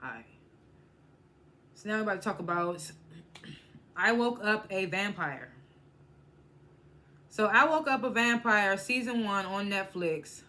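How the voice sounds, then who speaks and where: A woman's voice: mid-range voice, sharp tone, a little hiss or hum. A woman reviewing TV shows in a casual, chatty recap. She often stumbles and restarts her words and laughs as she retells scenes. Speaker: TV show reviewer.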